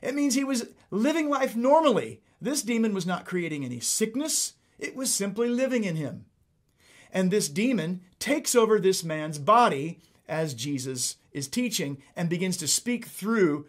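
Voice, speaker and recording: A man preaching a sermon, emphatic and animated, repeating points for emphasis. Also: high voice, a little slow. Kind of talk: sermon teaching.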